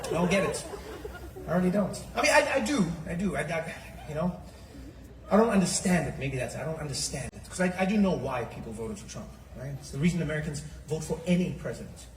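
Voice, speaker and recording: A male comedian doing animated stand-up comedy with mocking, repeated punchlines. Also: fairly high pitch, quick pace, recorded from a distance, some chatter behind, a little hiss or hum. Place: live comedy venue. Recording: echoey live club recording, loud audience.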